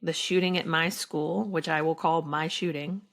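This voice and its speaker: A middle-aged actress talking slowly and reflectively as a podcast guest, with halting restarts. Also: female voice, low-pitched, steady tone, gravelly, fairly bright tone. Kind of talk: emotional interview conversation.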